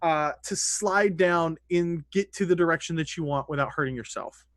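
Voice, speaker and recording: A man's voice: on the high side, moderate pace, fairly bright tone, dry recording. A man running a tabletop game as dungeon master, narrating loosely with restarts. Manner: loose, conversational rulings with restarts.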